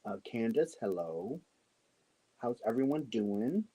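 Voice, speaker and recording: A middle-aged man from the United States hosting a casual livestream chat from home at night, talking softly into his microphone so he won't wake someone sleeping upstairs. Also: sing-song, slow, poor audio. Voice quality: low, husky voice. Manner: talking softly to keep the house quiet, greeting viewers. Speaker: livestream host. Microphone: microphone worn.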